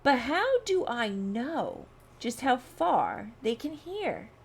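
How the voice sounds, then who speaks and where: A woman voicing a gruff, boastful male bear with a growling, scornful voice, reading a storybook aloud. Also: high-pitched, sing-song, slow pace, exaggerated voice. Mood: sneering. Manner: snorting, scornful.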